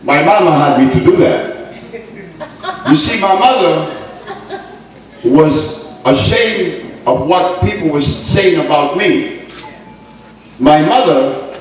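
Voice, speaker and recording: A man telling stories to an audience as a lecturer, animated and playful, often laughing as he speaks. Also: a little high, takes it slowly, long pauses, slight background noise. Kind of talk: storytelling talk to an audience. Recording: roomy hall from far off.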